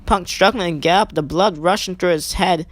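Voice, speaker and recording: A woman giving eager play-by-play wrestling commentary over a video game, climbing high in pitch as she counts pins, with chatty asides. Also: moderate pace, dry recording. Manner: excitable, rising sharply on pin counts, chatty asides. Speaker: gaming channel host.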